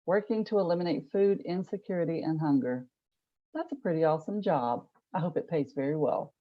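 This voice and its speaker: Over slightly dull, lo-fi video call audio, a woman with a deep voice interviews a guest at a club meeting. She talks fairly quickly and hosts in a lighthearted way, joking and teasing.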